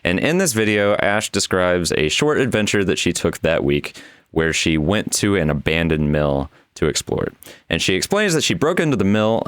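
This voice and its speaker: Deep laid-back man recapping a story. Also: big pitch swings, moderate pace, fairly bright tone, clear, resonant tone, no echo, clean studio sound. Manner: laid-back, rambling, lots of fillers. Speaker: podcast co-host.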